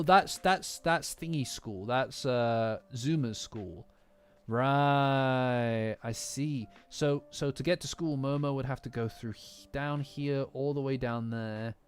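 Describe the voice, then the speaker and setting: Over faint lofi music, a Nottingham man with a Nottingham English accent streams casually, reacting to a manga chapter with his chat. Medium-pitched and a little slow, he rarely pauses, yet rambles, gets easily distracted and makes fun of himself.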